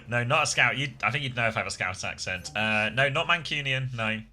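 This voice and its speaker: A man's voice: mid-range voice, normal speed, pushed and bright, faint music behind. A man casually co-streaming an esports match from the south of England, chatting with his viewers and laughing often. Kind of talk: casual live co-stream commentary.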